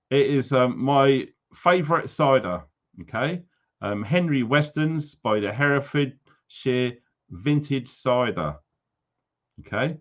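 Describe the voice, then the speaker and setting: A man's voice: fairly high pitch, dull audio. A man hosting a casual livestream, greeting viewers with jokey, teasing banter. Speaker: livestream host.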